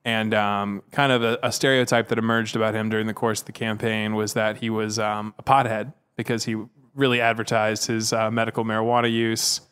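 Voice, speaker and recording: A man's voice: on the low side, level tone, fairly quick, hardly any pauses, fairly bright tone, clear, resonant tone. A man on a podcast, casually telling a long story with plenty of fillers and asides, now and then mimicking voices. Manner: rambling, with frequent fillers and "if you will"; mimics other people's voices when quoting. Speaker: podcast co-host.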